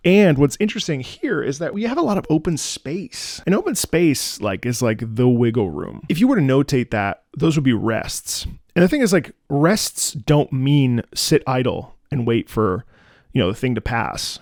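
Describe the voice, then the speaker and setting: A man's voice: mid-range voice, very animated, normal speed, darkish tone, dry recording, studio quality. A man, a trained opera singer, chatting casually and analytically about a piece of music, humming and scatting bits of the melody as he explains. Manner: analytical, hums and scats the melody while explaining. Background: game music playing.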